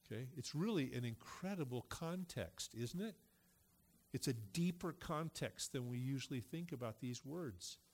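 A man's voice: medium pitch, lively intonation, moderate pace, a little mellow, slightly rough. A middle-aged man, a pastor, preaching a sermon in a loose, conversational way and reading Scripture aloud.

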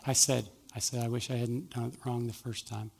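A middle-aged man preaches with a gravelly, husky voice. He tells his story in an animated way and acts out each person's lines as he goes. His pitch sits in the middle of the range. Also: a little fast. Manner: animated storyteller acting out both sides of a dialogue. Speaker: pastor. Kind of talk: sermon with storytelling.

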